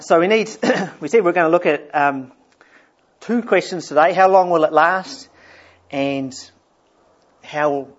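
A man delivers a sermon with a fairly high voice. He talks in a conversational way and restarts phrases as he goes. The recording sounds dull and lo-fi. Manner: conversational, repeats words while thinking. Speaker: preacher.

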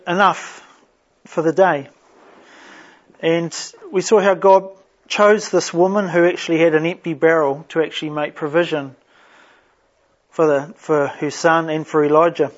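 A man leading a Bible study, reading scripture and explaining it in an unhurried way with frequent restarts. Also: a little high. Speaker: pastor. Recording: dull lo-fi sound.

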